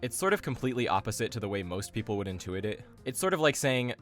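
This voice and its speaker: A young man giving a casual, chatty explainer on language learning, full of slang and quick asides. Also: mid-range voice, expressive, fairly bright tone, faint music behind.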